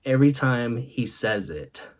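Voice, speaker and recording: A man's voice: medium pitch, lively intonation, measured pace. A man hosting a vlog, telling comic stories and laughing often between punchlines. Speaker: host. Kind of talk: comic storytelling monologue.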